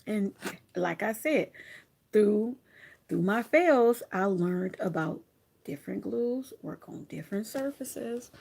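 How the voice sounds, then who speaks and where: A woman crafter chatting casually to her viewers, telling stories in a lively, animated way with frequent laughs and asides. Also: mid-range voice, takes it slowly, creaky, breathy edge. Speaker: craft vlogger.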